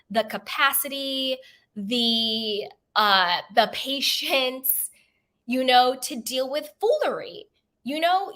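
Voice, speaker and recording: A woman's voice: fairly high pitch, a bit bright. Emphatic, conversational woman coach. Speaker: self-help and manifestation coach. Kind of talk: motivational talk to camera.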